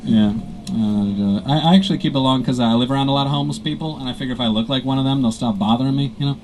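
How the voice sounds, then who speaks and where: A male stand-up comedian doing self-mocking, deadpan bits for commuters on an airport tram. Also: mid-range voice, fast talker, crowd noise, rough recording. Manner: self-mocking, wraps up the show again and again.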